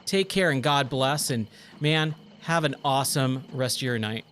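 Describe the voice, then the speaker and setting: A man's voice: mid-range voice, normal speed, a bit bright, slight background noise. A man chatting casually on a gaming livestream, easily amazed and thanking viewers, with faint game music behind.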